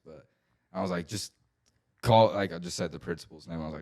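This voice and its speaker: Chill young guy on a podcast, real low voice, laughs a lot. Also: fairly quick, pauses often, darkish tone. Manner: laid-back, laughs easily. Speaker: podcast co-host. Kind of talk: casual chat.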